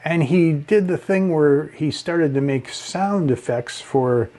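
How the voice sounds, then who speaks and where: Slow, expressive male speaking coach. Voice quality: relaxing tone. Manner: expressive, swings pitch and volume to demonstrate, chuckles often. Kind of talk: instructional talk on speaking.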